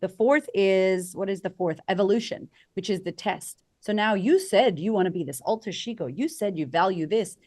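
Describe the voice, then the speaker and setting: A woman coaching as a podcast guest, energetic and conversational, acting out quoted voices for emphasis. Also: medium pitch, normal speed, hardly any pauses. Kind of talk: conversational interview.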